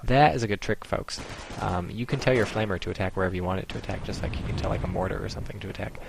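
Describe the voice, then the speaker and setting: A man's voice: on the low side, very fast, creaky, noisy background. A man giving casual, rambling commentary on a strategy game, explaining tactics with many ums.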